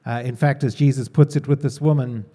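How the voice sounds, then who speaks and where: A man's voice: medium pitch, steady tone, brisk, dark tone, slightly rough. A man preaching a sermon in a conversational way, asking the congregation questions.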